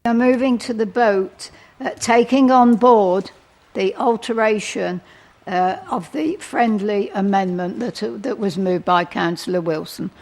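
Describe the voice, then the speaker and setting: A woman's voice: medium pitch, a little mellow. Woman mayor chairing a council meeting. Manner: procedural, measured, with fillers.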